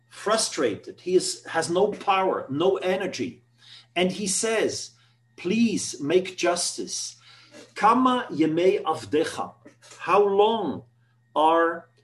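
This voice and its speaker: Slow, halting male Bible teacher. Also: high-pitched. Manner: slow, halting, repeats words and restarts; reads verses aloud in Hebrew then translates. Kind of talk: lecture on biblical poetry.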